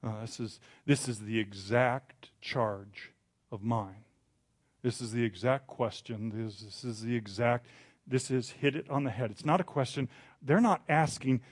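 A man preaching a sermon, telling the story with dramatic rises, then turning quiet and confessional. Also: medium pitch, a little slow. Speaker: pastor.

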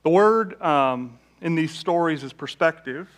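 A male pastor delivering a relaxed, story-driven sermon in a somewhat high voice. He speaks casually, hesitating now and then and restarting his sentences as he leads into his points. The tone is informal and close to everyday conversation. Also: unhurried.

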